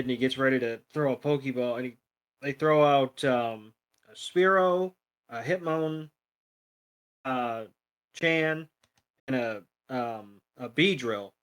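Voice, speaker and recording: A man's voice: mid-range voice, slow pace, long pauses, a bit bright, smooth. A man co-hosting a podcast, casually recapping a cartoon episode with crude jokes and rambling asides. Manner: jokey, crude, rambling with fillers. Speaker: podcast co-host.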